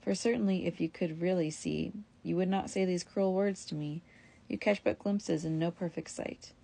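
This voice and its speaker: A woman reading the lines of a sly, quick-tongued young wife in a storybook reading. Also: on the low side, steady tone, creaky, mellow. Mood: persuasive. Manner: pleading then brisk and self-justifying.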